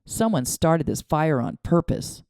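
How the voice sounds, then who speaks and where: A practical sheriff speaks in a measured drawl with a dark, gravelly edge, as a woman narrator puts him on. The reading is close and dry. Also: low voice, very animated, dry recording, heavily acted. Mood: calm. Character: calm, practical man, a town sheriff.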